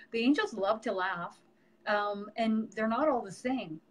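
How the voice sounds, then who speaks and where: Chatting warmly about her work as a medium, a middle-aged woman hosts a casual live stream, teaching with frequent fillers. Her voice is a little high and her pace measured, in a low-quality recording.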